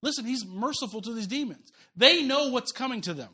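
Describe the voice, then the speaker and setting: High-voiced man preaching a sermon. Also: breathy edge. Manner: animated, conversational preaching with quick asides and repeated restarts. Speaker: pastor. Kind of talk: sermon with scripture reading.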